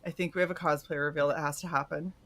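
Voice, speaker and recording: A woman's voice: sits low, fairly even intonation, quick pace, a bit bright. A woman co-hosting a comics stream in casual chat, teasing, giggly and swearing freely. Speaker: co-host of a comics talk stream. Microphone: home streaming setup.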